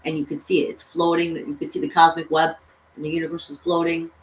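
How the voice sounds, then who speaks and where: A woman's voice: low-pitched, flat delivery, fast. A woman vlogger casually retelling a cartoon story, rambling with lots of fillers. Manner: rambling, full of "you know" and "like". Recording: echoey room, distant mic, faint noise.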